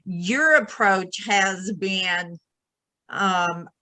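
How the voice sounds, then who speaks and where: A woman in a casual podcast chat, speaking in a thoughtful, affirming, unhurried way. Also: medium pitch, sharp tone, dry recording, poor audio. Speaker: podcast guest.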